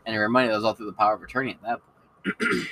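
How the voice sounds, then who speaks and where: A man's voice: on the low side, fairly even intonation, rapid-fire, sharp tone, a little hiss or hum, poor audio. A man hosting a podcast, rambling in a casual, profane, opinionated monologue. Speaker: podcast host.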